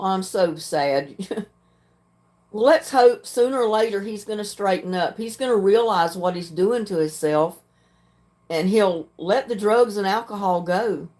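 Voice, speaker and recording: A woman's voice: mid-range voice, darkish tone. Frank older woman livestreaming. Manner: frank, plainspoken, clears throat often. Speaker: livestream host. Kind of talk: casual chat reading viewer comments.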